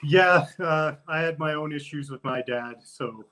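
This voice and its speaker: A man's voice: fairly high pitch, unhurried, bright, forceful tone. A man as a guest on a casual interview podcast, talking in an easygoing, upbeat way.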